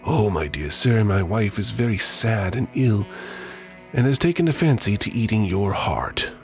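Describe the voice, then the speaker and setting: A scheming sea dragon coaxes in a low, unhurried voice, as a man reads him out. His tone swings widely as he flatters his prey. It is a storybook folktale reading. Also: soft background music. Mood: coaxing. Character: scheming male sea dragon, smooth-talking.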